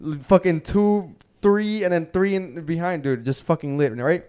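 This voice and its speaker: A young man hosting a podcast, telling a profane, animated story and acting out the quotes in casual chat. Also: a little high, moderate pace, clear, resonant tone. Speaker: podcast host.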